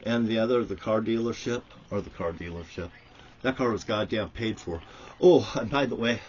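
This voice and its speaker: In dull lo-fi audio, a man vents an angry, profanity-laden monologue to the camera, swearing constantly. His voice is fairly low, darkish, and slightly rough, at normal speed.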